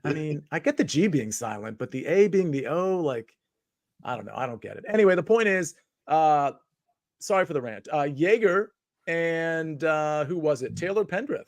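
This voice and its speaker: A man's voice: on the high side, expressive, moderate pace, no echo. A man hosting a casual live sports chat, rambling with many filler words and restarts. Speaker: podcast host.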